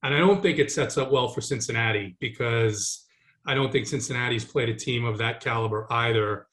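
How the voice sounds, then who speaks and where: A man's voice: medium pitch, fairly quick, fairly bright tone. A man co-hosting a sports podcast, chatting casually and breaking down college football matchups. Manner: joking, then analytical. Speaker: podcast co-host.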